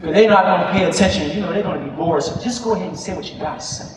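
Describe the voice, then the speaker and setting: A man giving a fiery motivational speech to students in a school hall, preaching in call-and-response and often shouting. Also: sits high, very fast. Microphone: camera far from the speaker. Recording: echoey hall from far off, crowd noise.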